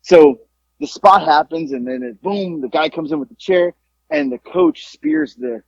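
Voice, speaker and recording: A man co-hosting a podcast, telling a wrestling story in casual chat, animated and profane, rambling with lots of fillers. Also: sits high, measured pace, vocal fry, dry recording, muffled recording. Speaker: podcast co-host, former wrestler.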